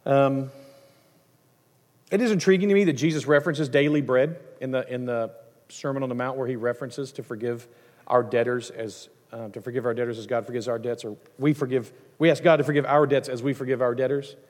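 A middle-aged man, a pastor, preaching a sermon in a conversational, animated way, with asides and acted-out quotes. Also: mid-range voice, fairly quick. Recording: long hall reverb.

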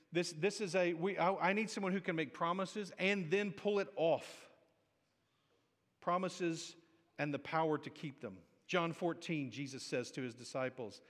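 A man's voice: fairly high pitch, a bit bright. A man preaching a sermon as pastor, conversational and joking, building to emphatic peaks. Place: church sanctuary. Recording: hall reverb.

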